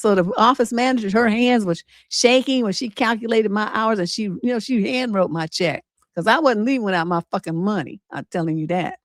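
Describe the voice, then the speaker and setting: A middle-aged woman, a relationship coach and livestream host, telling a personal story in a casual, animated way, acting out quotes with attitude and cursing freely. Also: mid-range voice, normal speed, dry recording, studio quality. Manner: animated, sassy storytelling with acted-out quotes and swearing.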